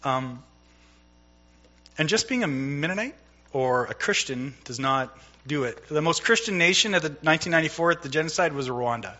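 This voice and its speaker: Bright-voiced man preaching a casual sermon. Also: on the high side, lively intonation, moderate pace, lo-fi sound. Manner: conversational, storytelling with mimicked dialogue. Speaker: pastor. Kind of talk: sermon with personal anecdote.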